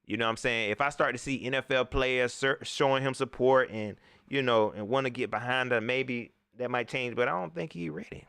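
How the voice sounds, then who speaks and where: A man hosting a casual post-game livestream, slangy and animated, often repeating himself. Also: medium pitch, normal speed, few pauses, clean tone, no room sound, clean studio sound. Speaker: sports talk show host.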